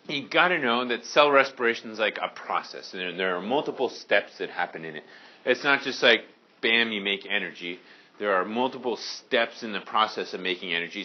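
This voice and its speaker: Male high school science teacher, lowish voice, casual classroom lecture, muffled lo-fi sound. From Maine. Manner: casual, joking with students.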